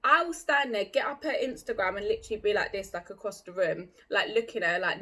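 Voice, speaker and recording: A woman's voice: medium pitch, fast, hardly any pauses, sharp tone. A young woman vlogging in a blunt, chatty, opinionated way, full of "like". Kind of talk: casual chat to camera.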